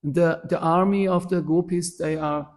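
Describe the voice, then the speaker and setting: This workshop speaker, whose first language is German, shares a devotional story with a voice on the high side and a moderate pace. The telling is animated but choppy, thick with fillers and restarts.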